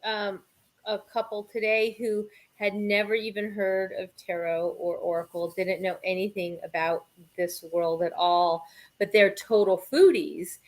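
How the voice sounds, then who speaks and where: A woman hosting a casual chat, eager and quick to laugh, with plenty of ums. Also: medium pitch, flat delivery. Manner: enthusiastic, laughs often, many fillers. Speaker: host.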